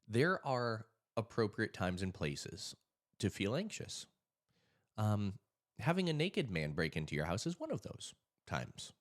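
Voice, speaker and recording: A man with a low voice talks casually to camera, telling a story and then giving advice. His pitch swings widely as he acts out the people in his story. He sounds like a hypnotist and anxiety coach speaking to his viewers.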